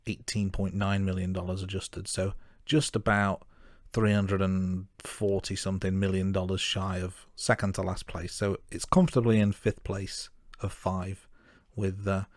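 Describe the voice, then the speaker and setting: A man from the English Midlands co-hosting a casual film podcast, steady and dryly teasing. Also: low-pitched, measured pace, hardly any pauses, no room sound, studio quality. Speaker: podcast co-host.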